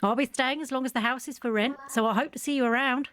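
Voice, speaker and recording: A woman's voice: sits high, steady tone, quick pace, fairly bright tone, smooth, pitched above the performer's own voice. A woman putting on a cheery, hammy Aussie newcomer. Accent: put-on Australian. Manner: hammy, exaggerated slang.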